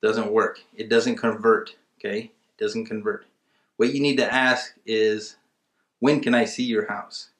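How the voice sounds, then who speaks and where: A man's voice: lowish voice, level tone, unhurried, a bit bright, reverberant. A man teaching a casual webinar, talking emphatically and acting out bits of his calls with sellers. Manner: conversational, emphatic, acts out seller dialogue. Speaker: real estate investing instructor.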